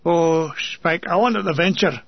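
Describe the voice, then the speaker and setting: A fastidious Scottish marine commando in his forties, once a gentleman's valet, speaking plainly and earnestly, voiced by a man reading a memoir. The voice is high and husky, close and dry on a dull lo-fi recording. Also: dry recording. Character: fastidious middle-aged Scottish male commando, former valet.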